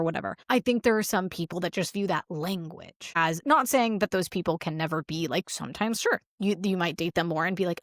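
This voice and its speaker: A woman's voice: lowish voice, fairly quick, few pauses, dry recording, clean studio sound. A woman in her thirties co-hosting a podcast, chatting casually with lots of fillers and acting out quoted dialogue. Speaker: podcast co-host. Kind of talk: casual chat.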